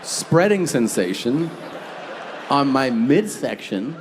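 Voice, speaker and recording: A man's voice: mid-range voice, very animated, slow pace. A man in his forties doing stand-up comedy on a theater stage, telling brash, profane stories into a handheld mic. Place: theater stage before a live audience. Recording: live hall reverb with audience noise.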